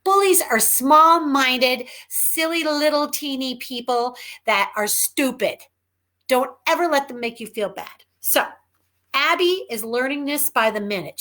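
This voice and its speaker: A woman author reading her own children's book aloud in an animated, emphatic, chatty way. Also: fairly high pitch. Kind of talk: children's storytelling.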